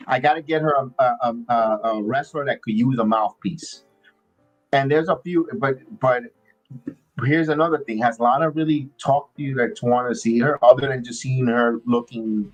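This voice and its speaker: In a low-quality recording, a podcast host with a mid-range male voice rambles through a live watch-along. His casual talk is halting, filled with fillers, and constantly restarting.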